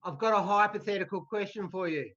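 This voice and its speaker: A man's voice: high-pitched, fast talker, crowd noise. A man from Tasmania with an Australian accent, calling in to tease the guest with playful questions over a video call. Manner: teasing, playful. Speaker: caller. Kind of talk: joking call-in chat. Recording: dull lo-fi call audio with faint noise.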